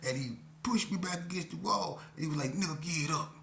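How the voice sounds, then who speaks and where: A man's voice: high voice, expressive, quick pace, gravelly, fairly bright tone. A man telling a personal story in a casual, slangy way, often saying "you know what I'm saying". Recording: roomy echo, faint hum.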